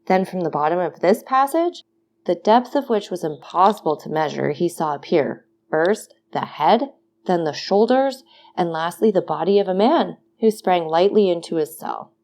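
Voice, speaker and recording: A woman narrating a classic novel aloud in a steady, expressive reading. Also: lowish voice, moderate pace, a little hiss or hum. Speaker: audiobook narrator.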